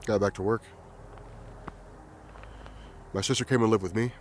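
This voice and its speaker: Quiet low-voiced man telling a sad story. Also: fairly even intonation, slight background noise. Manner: quiet, reflective, halting. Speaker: vlogger. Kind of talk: personal storytelling.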